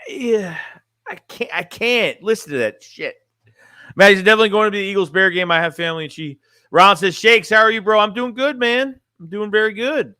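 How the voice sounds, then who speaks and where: Man, fan streamer, slightly high and bright, blunt and rambly, dry close sound. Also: expressive, normal speed, dry recording. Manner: blunt, rambling, repeats and restarts phrases. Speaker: sports fan streamer reading chat. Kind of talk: casual livestream chat.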